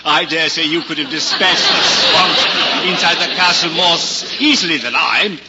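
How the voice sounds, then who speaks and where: An actor playing a boastful, silly royal prince who blusters and stammers in an upper-class manner, on a storybook record. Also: male voice, fairly high pitch, normal speed, a loud crowd, lightly acted. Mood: blustering. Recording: dull, hissy old recording.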